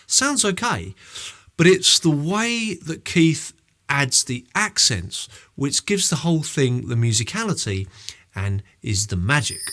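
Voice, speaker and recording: A man explaining drum technique in a friendly online lesson. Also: mid-range voice. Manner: friendly, explanatory, lively delivery. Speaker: drum teacher.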